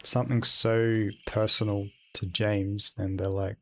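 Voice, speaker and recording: Young guy streaming a game, kinda low voice, rambly and sweary, super chill. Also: level tone, measured pace, vocal fry, fairly bright tone. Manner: rambling, profane, laid-back. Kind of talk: casual live-stream chat while gaming.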